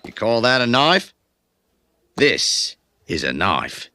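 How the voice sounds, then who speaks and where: A cocky trickster from a cartoon bar scene. He has a drawling, showy delivery that swoops widely and takes its time. The tone is bright and clear and recorded close and dry. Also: mid-range voice, very animated, slow, exaggerated voice. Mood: boastful. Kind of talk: cartoon voice acting.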